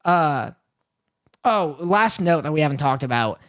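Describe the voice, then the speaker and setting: A young man co-hosting a podcast, chatting casually with dry jokes and deadpan questions. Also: fairly high pitch, measured pace, clean tone. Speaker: podcast co-host. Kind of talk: casual chat.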